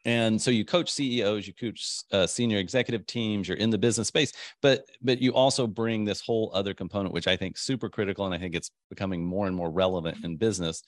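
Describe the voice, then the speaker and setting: A low-voiced man hosts a podcast, chatting loosely and rambling from one thought to the next. He laughs easily between lines. The sound is dry and close, with no room echo. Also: fast talker, few pauses. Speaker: podcast host. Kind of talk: casual interview chat.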